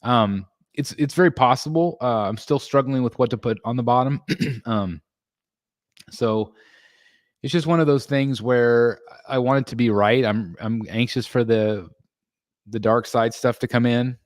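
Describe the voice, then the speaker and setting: A man's voice: medium pitch, measured pace, no room sound, clean studio sound. A man hosting a casual collectors' livestream, reading chat messages and answering in a rambling way with many ums and restarts. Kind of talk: casual live-stream chat.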